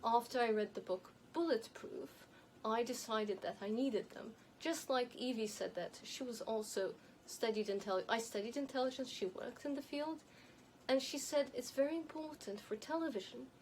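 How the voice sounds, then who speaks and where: A woman with a light, elocution-trained non-native accent gives a measured, emphatic advice monologue to camera as an image and style consultant. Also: fairly high pitch, darkish tone, slight background noise, low-quality recording.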